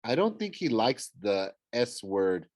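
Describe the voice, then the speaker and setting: A man's voice: mid-range voice, sing-song, slow, darkish tone, no echo. A man voicing a nervous, hesitant young satyr. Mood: uneasy.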